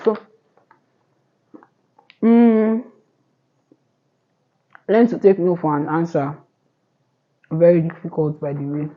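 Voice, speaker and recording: A woman's voice: on the low side, steady tone, slow, long pauses, phone-quality sound. A young woman in her twenties giving earnest motivational advice to camera, rambling with restarts. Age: 20s. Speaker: vlogger. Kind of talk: casual motivational talk to camera.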